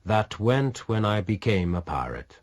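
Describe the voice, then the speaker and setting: A male audiobook reader voicing a daring pirate captain who teases with dry, calm confidence. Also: fairly low pitch, measured pace, pitched above the performer's own voice. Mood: mocking. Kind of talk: audiobook reading.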